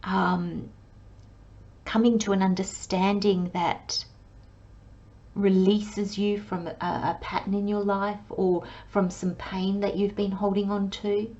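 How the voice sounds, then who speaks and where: A woman giving a channelled tarot reading in a soft, dreamy way, often dropping into a hushed whisper. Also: medium pitch, little pitch movement, slow pace, lo-fi sound. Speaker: tarot reader.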